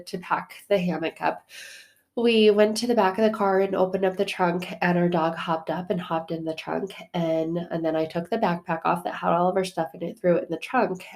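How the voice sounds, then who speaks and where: A woman with a fairly low voice tells a personal story in a loose, chatty way. She fills her talk with fillers and jumps between hushed asides and loud, excited bursts. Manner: animated, swings from hushed to loud, lots of fillers. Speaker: podcast host. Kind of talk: casual storytelling.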